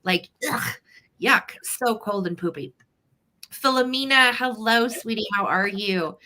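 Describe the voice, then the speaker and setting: Bright-voiced woman hosting a live sale. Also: fairly high pitch, measured pace. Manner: chatty, greets viewers one by one. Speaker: host of a live vintage sale stream. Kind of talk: casual live-stream chat. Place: upstairs at home.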